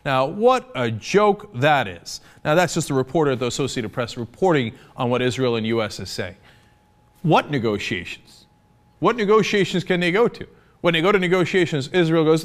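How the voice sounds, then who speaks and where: A man's voice: on the high side, very animated, moderate pace. Fired-up sarcastic man. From United States. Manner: impassioned, sarcastic, argumentative. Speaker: political commentator. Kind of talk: opinionated political commentary.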